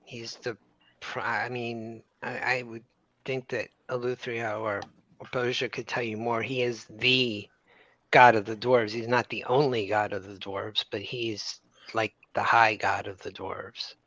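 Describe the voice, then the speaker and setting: Male player, bright voice, casual and hesitant, dull mic. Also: medium pitch, little pitch movement, unhurried, a little hiss or hum. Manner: casual, swears, hesitant restarts. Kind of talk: casual tabletop game chat.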